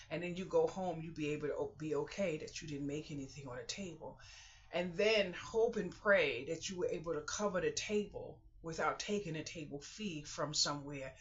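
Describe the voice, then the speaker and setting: A woman's voice: low-pitched, fairly bright tone, lo-fi sound. A woman vlogger talking to her viewers in a casual, heartfelt way, earnest and emotional, teary and sniffling as she speaks. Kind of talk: casual heartfelt talk to camera.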